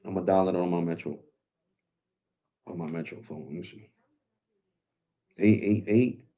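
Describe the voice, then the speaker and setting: A man's voice: sits low, moderate pace, warm tone. A man hosting a tech live stream, talking casually and loosely, calling viewers bro. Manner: laid-back, slangy, calls viewers bro. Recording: dull lo-fi sound.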